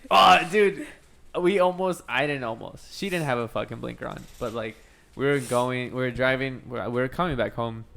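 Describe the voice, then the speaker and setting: A man's voice: moderate pace, vocal fry. A man co-hosting a casual podcast chat, rambling through stories and swearing freely. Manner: rambling storytelling, heavy swearing; lively, jumps into high voices when quoting. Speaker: podcast co-host.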